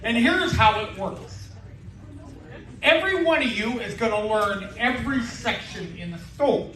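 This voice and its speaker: A man's voice: high-pitched, animated, unhurried, a bit bright, recorded from a distance. A man doing a stern male store manager. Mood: stern lecturing. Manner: strict, lecturing. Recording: roomy live club sound with crowd noise.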